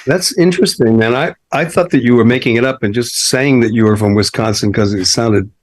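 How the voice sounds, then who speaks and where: Deadpan man with dry jokes, close and dry. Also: medium pitch, brisk, dry recording, rough recording. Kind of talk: casual chat. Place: restaurant wine cellar.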